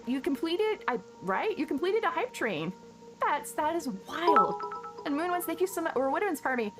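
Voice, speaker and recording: A slightly high-voiced woman streamer gushes her thanks to viewers in loose, rambling live-stream chat, tripping over her words and restarting sentences. Lo-fi background music plays clearly under her voice throughout. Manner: gushing, effusive, rambling with many restarts.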